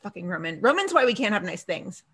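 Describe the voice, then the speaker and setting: A podcast co-host with a mid-range, slightly rough voice talks fast as she casually recaps a TV episode. She's animated, acting out characters' lines, swearing freely and laughing.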